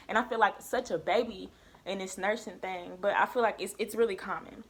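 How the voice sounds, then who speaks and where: A young woman vlogger tells a personal story in casual chat, acting out quoted dialogue with an emphatic, lively delivery. Her mid-range voice is brisk, with a breathy edge.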